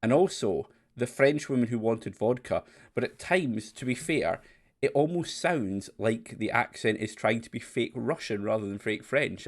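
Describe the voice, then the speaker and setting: Guy streaming an old game, mocking the voices, pitch all over the place. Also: creaky. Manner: chatty, mocking the game's acting. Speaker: let's play streamer. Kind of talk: casual let's play commentary.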